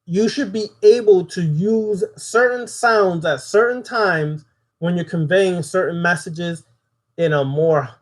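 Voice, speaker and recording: A man giving a spoken occult lesson, preaching and putting questions to his audience. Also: high voice. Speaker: occult teacher.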